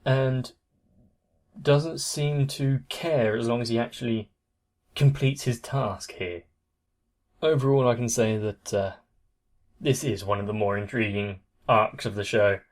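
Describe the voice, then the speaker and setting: Man, young adult, casual commentary, measured, thoughtful, mid-range pitch. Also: fairly even intonation. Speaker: anime reaction channel host.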